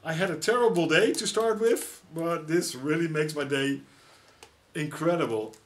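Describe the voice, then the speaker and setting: A middle-aged man with a Dutch accent unboxing gifts in a casual vlog, exclaiming often with excitement. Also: on the high side, moderate pace. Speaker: YouTuber.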